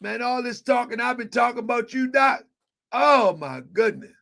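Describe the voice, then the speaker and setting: A man hosting a live online show, chatting casually, with a repetitive, excitable, joking manner. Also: extremely high pitch, normal speed, creaky. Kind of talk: casual livestream chat.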